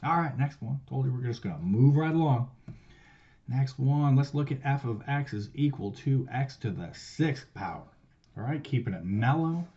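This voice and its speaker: A man walks through a math lesson in a loose, offhand way and swears casually as he goes. His mid-pitched voice jumps from punchy stressed words to quiet trailing asides. The recording sounds slightly dull and lo-fi. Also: animated, moderate pace. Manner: loose and profane, swears casually while explaining. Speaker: math teacher.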